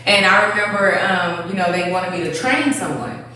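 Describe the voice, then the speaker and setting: A woman's voice: lowish voice, normal speed. A woman hosting a casual talk, telling a story bluntly and acting out the people in it. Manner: blunt, animated storyteller with quoted voices. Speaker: host. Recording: echoey room, far from mic.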